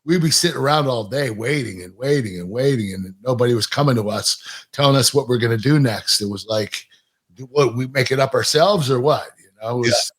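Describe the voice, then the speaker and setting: A man's voice: mid-range voice, fairly quick, slightly rough. A man hosting a talk show, chatting casually and agreeing with his guest. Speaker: host. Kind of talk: casual interview chat.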